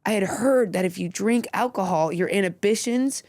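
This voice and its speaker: A woman's voice: medium pitch, moderate pace, a little mellow, dry recording, studio quality. A woman comedian, a guest on a podcast, telling rambling stories with frequent giggles. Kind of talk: casual chat, storytelling.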